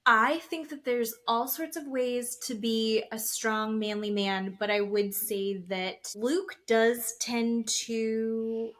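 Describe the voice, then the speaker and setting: A woman's voice: on the high side, steady tone, slow pace, few pauses. A woman co-hosting a podcast, chatting casually about a reality show, swearing and acting out what the cast said. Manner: chatty, swears, acts out quotes in retelling. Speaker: podcast co-host. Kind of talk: casual chat recapping reality TV.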